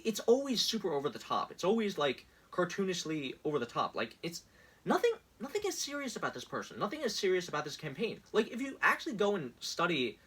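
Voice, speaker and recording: A man's voice: fairly high pitch, bright, forceful tone, breathy edge. A young man ranting sarcastically in casual commentary, exasperated and laughing often.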